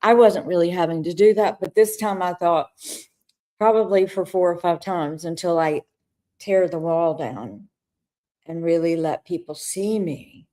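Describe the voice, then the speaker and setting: Mellow-voiced woman, candid storytelling. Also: lowish voice, unhurried. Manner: candid, confessional, emotional. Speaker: co-host. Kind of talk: personal storytelling in conversation.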